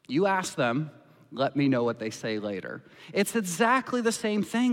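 A man's voice: fairly high pitch, big pitch swings, normal speed. A man preaching a sermon as pastor, impassioned and acting out the voices he quotes. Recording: long reverb of a church hall.

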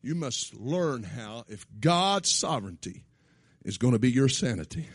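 A man preaching a sermon in a church, shouting his points, then dropping to quiet asides. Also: medium pitch, sing-song, a little slow, husky, no echo, clean studio sound. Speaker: pastor. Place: church sanctuary.

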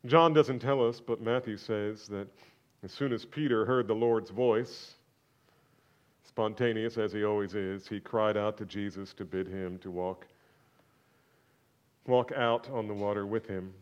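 A man preaching a sermon, swinging from loud, exclaiming questions to hushed, almost whispered lines. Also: on the low side, steady tone, unhurried, muffled recording. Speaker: pastor.

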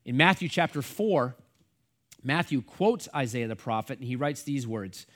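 A man's voice: medium pitch, lively intonation, normal speed, fairly bright tone. A middle-aged man from the United States, a pastor teaching the Bible in a casual, rambling way full of fillers and asides.

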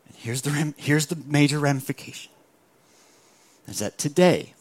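A young adult man preaching a sermon with a gravelly voice, animated, acting out other voices as he tells the story. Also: a little high, normal speed. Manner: animated, acts out voices of biblical figures. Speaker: pastor.

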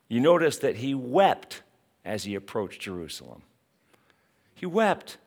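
A middle-aged man delivers a sermon in a slow, unhurried cadence. His voice rises and falls with wide, lively swings of pitch. He leans into rhetorical questions with emphatic, dramatic force. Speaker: pastor.

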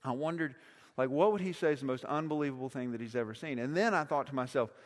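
A man's voice: medium pitch, quick pace. A middle-aged man, preaching a sermon in a casual, conversational way and repeating phrases for emphasis. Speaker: pastor. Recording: long reverb of a large hall.

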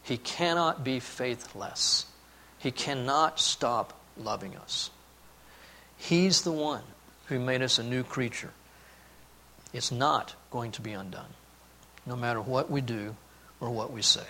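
A male pastor with a bright, forceful voice preaches a sermon. He tells a lively story from his youth, then slows and drops to a hushed, earnest tone on the key points. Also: mid-range voice, slight background noise.

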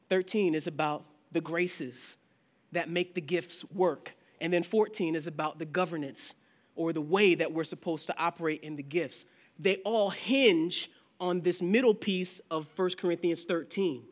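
A male pastor preaching a sermon in a conversational way. He often restarts his sentences, and he acts out questions from his listeners. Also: fairly high pitch. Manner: frequent restarts and filler phrases.

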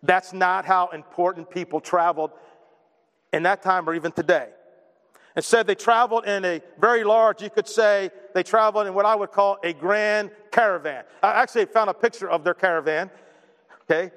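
A man's voice: high voice, steady tone, normal speed, a bit bright, long reverb tail. A man preaching a sermon, joking and poking fun at himself between points. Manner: joking, self-deprecating asides. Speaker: pastor.

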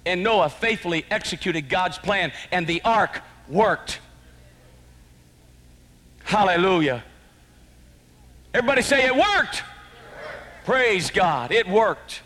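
Impassioned preacher in a reverberant church. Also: male voice, high-pitched, lively intonation, slow, long pauses. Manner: impassioned preaching that swings from shouting to hushed. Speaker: pastor. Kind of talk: sermon. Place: church sanctuary. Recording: long church hall reverb.

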